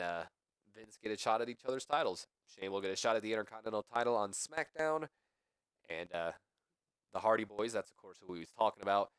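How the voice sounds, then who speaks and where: A young man talks through a game in a casual, rambling way, thinking aloud as he goes. His voice sits fairly low and sounds dry and close. He keeps padding his sentences with easy fillers. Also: a bit bright, no echo. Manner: rambling, thinking aloud, says "pretty much" often. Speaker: let's play commentator.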